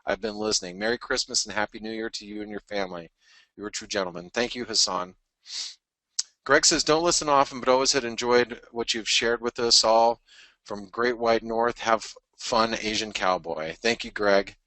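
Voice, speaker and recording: A man hosting a trading webinar, reading out listener messages in a casual, halting way with fillers and chuckles. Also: on the low side, bright, forceful tone, dry recording, rough recording.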